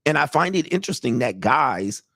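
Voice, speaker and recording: A man's voice: mid-range voice, big pitch swings, a little fast, vocal fry, bright, forceful tone, slightly rough, no room sound. A man hosting reaction commentary as a dating coach, talking in an emphatic, conversational way and often repeating himself.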